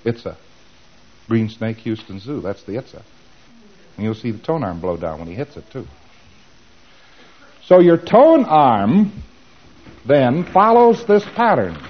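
A man's voice: mid-range voice, very animated, unhurried, pauses often, muffled recording. A man giving an informal lecture, animatedly acting out both sides of the dialogues he describes.

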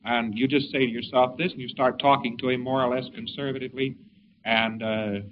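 A man's voice: medium pitch, flat delivery, brisk. A man giving an informal lecture in a folksy, rambling way with wry asides. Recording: dull lo-fi recording with faint hiss.

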